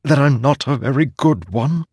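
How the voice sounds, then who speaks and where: A man's voice: medium pitch, animated, a little mellow, husky, no echo, clean studio sound, voice pushed up. A man voicing an insecure male spirit made of stars, who speaks hesitantly and apologetically. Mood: timid, nervous. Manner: hesitant, halting, pleading.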